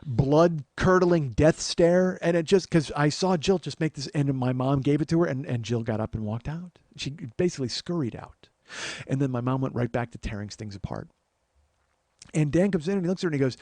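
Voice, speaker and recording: A man's voice: a little high, a little fast, a little mellow, dry recording. Dry-voiced man telling a personal story. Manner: profane, emphatic, frequent restarts. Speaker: podcast host.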